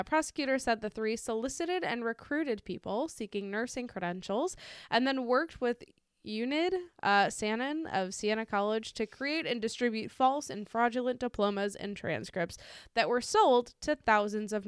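Midwestern woman, smooth casual podcast voice. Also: a little high, no room sound, clean studio sound. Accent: American Midwest. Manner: laughs often, swears casually; reads news excerpts, stumbling over names. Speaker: podcast co-host. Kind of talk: casual chat.

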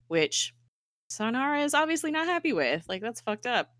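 A woman's voice: medium pitch, brisk, no echo, studio quality. A young woman casually recapping a TV episode on a podcast, acting out the characters' lines with frequent laughter. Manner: animated retelling, acting out quotes, frequent laughter and "like" fillers. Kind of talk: casual chat.

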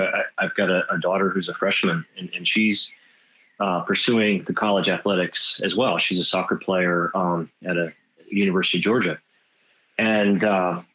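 A middle-aged man speaking in casual conversation, halting and repeating words as he starts. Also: deep voice, a bit bright. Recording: dull lo-fi sound.

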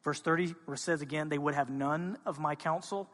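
A man preaching a sermon as a pastor, speaking with passion and moving between quiet, intimate stretches and loud, urgent ones. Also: fairly high pitch, fairly even intonation, a little fast, in a large hall. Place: church sanctuary.

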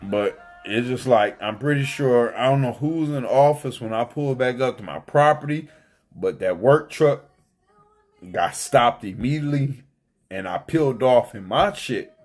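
A man's voice: medium pitch, lively intonation, measured pace, faint music behind. A man in casual chat, telling a family story in a heated, profane way.

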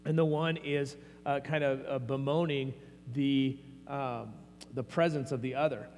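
A man's voice: medium pitch, steady tone, unhurried, a little mellow, long reverb tail, a little hiss or hum. A man preaching a sermon as pastor, in a conversational manner with frequent fillers and restarts.

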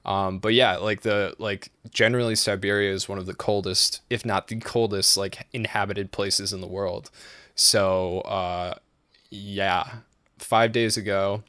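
A man's voice: lowish voice, steady tone, measured pace, pushed and bright, clean tone, dry recording. A man from the East Coast of the United States hosting a podcast, rambling casually with lots of fillers and swearing. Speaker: podcast host.

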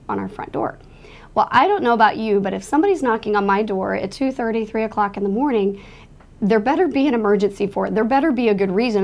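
In a medium-pitched, creaky voice with a darkish tone, a woman relates a frightening personal story. She is earnest and emotional, framing the night as a testimony of her faith.

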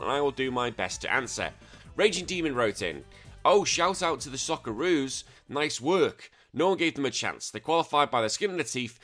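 A man's voice: mid-range voice, a bit bright. A middle-aged man hosting a casual podcast, rambling, swearing freely and laughing easily. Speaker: podcast host. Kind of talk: casual chatty podcast talk.

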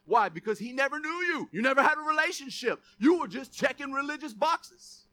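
A man's voice: very high voice, expressive, fairly quick, hardly any pauses, sharp tone. A male pastor preaching a sermon in a conversational, punchy style, joking and checking in with the congregation. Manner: conversational, punchy, asks the congregation "Amen?" and "right?"; joking, chuckles often.

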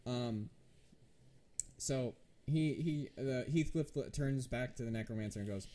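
A man's voice: medium pitch, fairly even intonation, measured pace, mellow. A man narrating a tabletop game as game master, talking casually with frequent restarts. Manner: hesitant, many restarts and fillers.

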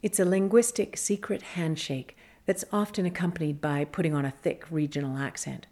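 Low-voiced woman narrating a magazine story. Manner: measured, even reading.

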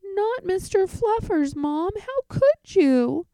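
A woman voicing a dramatic little boy who pleads in a high, theatrical voice. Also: big pitch swings, slow, dark tone, no room sound, full character voice. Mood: outraged.

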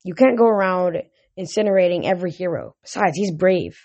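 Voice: medium pitch, fairly quick, darkish tone, muffled recording, natural voice. Reader playing a dramatic goddess queen. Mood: chiding. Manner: sighing and theatrical.

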